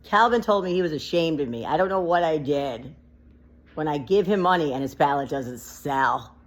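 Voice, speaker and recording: A woman's voice: sits low, expressive, moderate pace. A woman vlogging off the cuff, rambling and emotional, close to crying as she talks. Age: adult with a child. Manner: emotional, rambling, near tears. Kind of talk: unedited personal vlog monologue.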